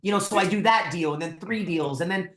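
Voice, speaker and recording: A man from Southern California, a podcast guest, telling his story in a casual, animated way and acting out the people he quotes. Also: sits high, fairly quick. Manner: animated storyteller, acts out quotes, says "like" and "right?" a lot. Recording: echoey room.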